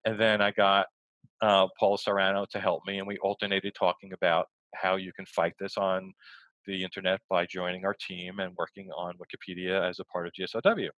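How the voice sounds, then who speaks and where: A man, a guest, telling stories in a rambling, quick conversational way over a video call. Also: low voice, flat delivery, a bit bright, no room sound, lo-fi sound. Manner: rambling, quick storytelling with restarts. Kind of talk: casual conversation.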